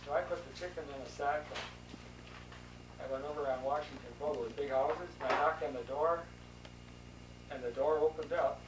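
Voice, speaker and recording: A man's voice: a little high, fairly quick, long pauses. Man telling a folksy joke, heard from afar. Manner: folksy, animated, acts out voices. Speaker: joke teller at a family gathering. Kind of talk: folksy storytelling. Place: indoors at a family gathering. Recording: roomy distant home video with hum.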